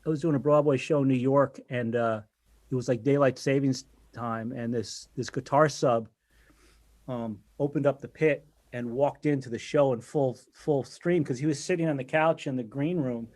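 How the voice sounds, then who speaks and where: A man in a podcast interview, spinning casual stories about his gigs as a drummer. His voice sits at an ordinary, middle pitch. He talks in halting bursts, circling back and restarting his sentences, with plenty of "you know" fillers. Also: darkish tone. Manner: halting, many restarts and 'you know' fillers. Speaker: guest drummer.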